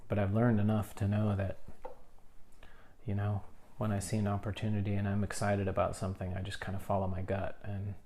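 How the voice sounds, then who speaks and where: Gravelly low-voiced man musing over tea. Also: a little hiss or hum. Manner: calm, musing, unhurried. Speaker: tea seller tasting his own stock. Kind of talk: casual tea-tasting vlog.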